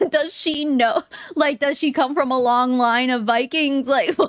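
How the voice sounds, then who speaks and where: A woman's voice: high-pitched, fairly bright tone, dry recording, studio quality. A young woman giving blunt, sarcastic reaction commentary, laughing often as she talks. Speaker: commentary host.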